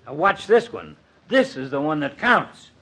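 A pompous, quick-tempered doctor who blusters in long grand words. His voice is bright and fairly high, with a faint hiss behind it. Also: huge pitch swings, heavily acted, poor audio. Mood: blustering. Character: pompous, hot-tempered male doctor golfer. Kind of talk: 1940s radio comedy acting.

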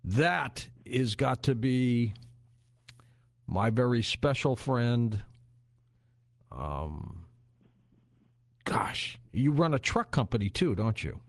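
A man's voice: medium pitch, slow, gravelly, pauses often, no echo. Guy hosting a late night radio show, easygoing, lots of uhs, dead dry mic. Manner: relaxed, chatty, many filler uhs. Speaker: radio talk show host. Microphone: studio microphone.

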